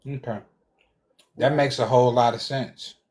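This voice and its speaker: A man making slow, measured remarks. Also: medium pitch, fairly even intonation, darkish tone.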